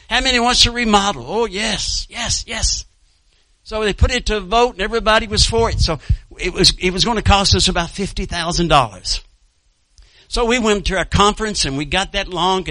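A man's voice: high-pitched, bright, forceful tone, dry recording. A male pastor preaching a sermon and telling a personal story in a folksy way, calling out to his congregation and chuckling between lines.

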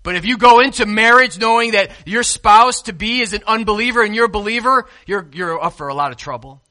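Preaching a sermon, this pastor speaks a little fast with a voice that sits high. Quiet, hushed moments give way to loud, emphatic high points, and he poses questions to his congregation.

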